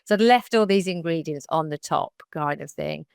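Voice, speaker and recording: This woman's voice is deep and gravelly yet clean in tone, moving at normal speed. As a podcast guest, she retells her story with animation, voicing what other people said, and the studio recording is clean with no room sound.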